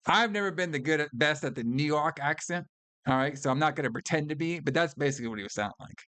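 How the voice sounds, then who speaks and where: A man co-hosting a film podcast, his voice sitting a little higher than most men's. He chats loosely, swears freely and laughs a lot, recorded close and dry with no room sound. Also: lively intonation, quick pace, bright, forceful tone, no room sound. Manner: loose, profane, laughs often, fond of "all right" and "brother". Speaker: podcast co-host. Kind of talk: casual film review chat.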